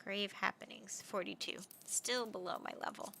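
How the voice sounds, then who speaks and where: A woman streaming a game, making playful quiet asides between dialogue. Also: mid-range voice, fairly even intonation, normal speed, creaky, slight background noise.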